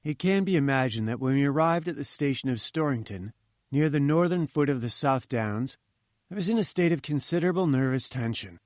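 A man's voice: mid-range voice, expressive, brisk, darkish tone, no echo, clean studio sound. Man narrating a classic adventure story. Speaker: audiobook narrator. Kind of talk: scripted narration.

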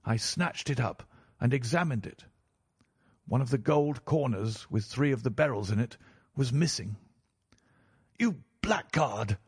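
A man narrating a story in a measured, formal way, as an audiobook reader. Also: medium pitch, a little mellow, breathy edge, no room sound, studio quality. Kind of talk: scripted narration.

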